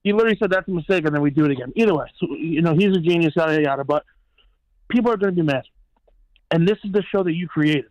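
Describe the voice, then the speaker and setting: A man's voice: a little high, very fast, a little mellow, no room sound, muffled recording. A man calling in to a talk show, talking bluntly and rambling with lots of swearing. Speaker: caller and regular. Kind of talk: casual chat.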